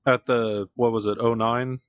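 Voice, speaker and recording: A man's voice: mid-range voice, flat delivery, a little slow, dry recording. A man from California telling wry, laughing anecdotes in a casual podcast chat. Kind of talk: casual storytelling.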